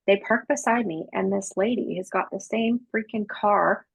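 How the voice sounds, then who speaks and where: A woman with a husky, fry-laden voice tells her story to an interviewer in a loose, slangy way, acting out what people said. The sound is dry and close, with no room around it. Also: medium pitch, normal speed, dry recording, rough recording. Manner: animated, chatty, slangy, acts out dialogue. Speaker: podcast guest, psychic medium.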